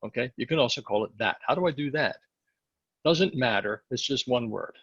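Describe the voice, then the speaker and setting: A man coaching salespeople in a training session, hoarse and losing his voice, often checking the group follows him. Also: mid-range voice, animated, normal speed, fairly bright tone, dry recording, lo-fi sound. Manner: coaching, asks the group questions. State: losing his voice, clearing throat.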